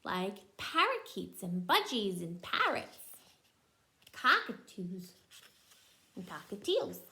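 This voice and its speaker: A woman's voice: medium pitch, very animated, takes it slowly, sharp tone. A young woman reading a picture book aloud to young children as a teacher, in a sing-song way, stopping to explain words and make bird calls.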